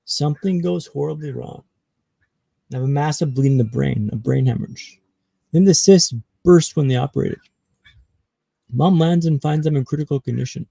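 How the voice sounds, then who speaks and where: A man from Canada tells his life story as a podcast guest, building each beat with dramatic pauses. His voice sits a little high for a man but is gravelly and mellow. The recording is close and dry, with no room around it. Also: no echo, low-quality recording. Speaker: guest speaker.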